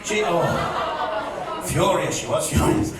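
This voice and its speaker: A man's voice: high voice, big pitch swings, takes it slowly, crowd noise. A man from West Wales doing a wry, self-deprecating stand-up comedy set in a hotel function room. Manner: wry, self-deprecating, loud stage delivery. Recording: echoey room heard from far off, faint noise.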